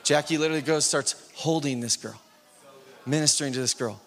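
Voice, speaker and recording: Animated preaching man in a reverberant hall. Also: fairly high pitch, a little fast. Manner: storytelling, animated, acts out dialogue, builds to urgent exhortation. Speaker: pastor. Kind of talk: sermon.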